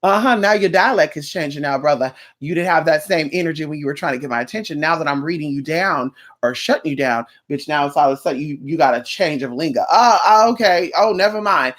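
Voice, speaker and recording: A woman's voice: deep voice, quick pace, hardly any pauses. A woman ranting in a casual vlog, sassy and blunt, with plenty of profanity and mocking asides. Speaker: vlogger.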